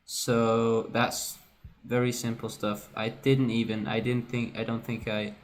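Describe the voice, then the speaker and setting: Slow, flat-voiced man producer. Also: mid-range voice. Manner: casual and self-correcting, often says "right". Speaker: music producer. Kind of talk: screen-recorded production walkthrough.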